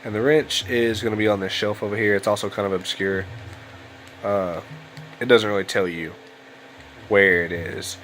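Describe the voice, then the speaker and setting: A young man offers loose, meandering commentary on a game from a computer in his room at home, late at night, yawning and sounding worn out as a let's play host. His voice is fairly low and fairly bright, with fairly even intonation, a moderate pace and frequent pauses. The recording is rough, carrying a little hiss or hum.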